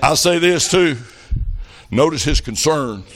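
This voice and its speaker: A man's voice: on the high side, lively intonation, a little slow, soft background music. Fervent country preacher, man. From rural farm upbringing. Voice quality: folksy country speech, fervent and emphatic. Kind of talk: revival sermon with folksy storytelling.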